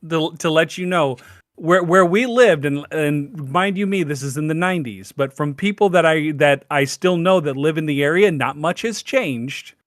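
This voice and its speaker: A man's voice: on the high side, moderate pace, a bit bright, no room sound. Emphatic stammering man, dry recording. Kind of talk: casual discussion.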